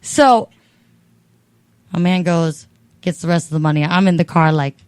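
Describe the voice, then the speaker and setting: A woman telling a comedic story on a talk show in an animated, profane way. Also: lowish voice, normal speed, clear, resonant tone, dry recording. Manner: animated, profane, acts out voices in her stories.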